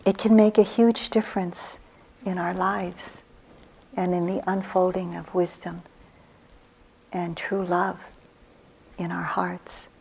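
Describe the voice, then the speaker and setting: Slow, gentle woman meditation teacher. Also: on the low side, flat delivery. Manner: slow, gentle, reflective storytelling with soft breathy trailing phrases. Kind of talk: dharma talk on retreat.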